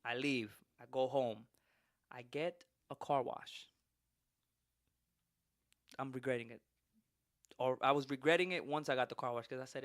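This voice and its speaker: A man's voice: medium pitch, moderate pace, pauses often, dry recording, studio quality. A man hosting a podcast, telling a long story in casual, profane chat and laughing as he goes. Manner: animated, profane, laughs through his story. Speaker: podcast host.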